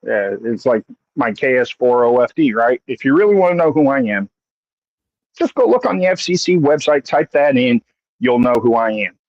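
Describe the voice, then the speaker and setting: A man's voice: mid-range voice, lively intonation, moderate pace, darkish tone, no echo, dull audio. A man in casual chat who agrees readily and makes matter-of-fact points with legal references.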